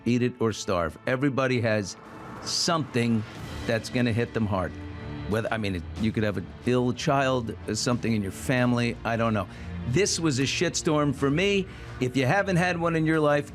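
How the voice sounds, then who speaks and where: A middle-aged man speaking candidly as an interview guest, halting and frank with bursts of emphasis. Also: mid-range voice, soft background music.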